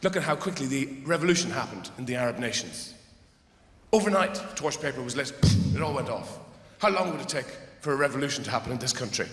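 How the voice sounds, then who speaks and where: An Irish man doing stand-up comedy, wry and rambling, shifting between mumbled asides and loud outbursts. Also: mid-range voice, expressive, quick pace. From Ireland. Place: theatre stage before a live audience. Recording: roomy hall with long reverb.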